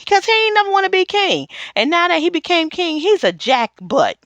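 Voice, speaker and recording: A woman's voice: very high voice, big pitch swings, moderate pace, fairly bright tone, no echo. A woman recapping and reviewing a TV episode in a casual, chatty way, acting out the characters' lines as she goes.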